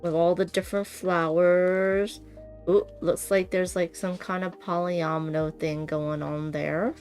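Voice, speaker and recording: A woman's voice: lowish voice, flat delivery, unhurried, darkish tone, soft background music. A woman chatting casually and giggling as she unboxes a board game on a stream, thinking aloud as she goes.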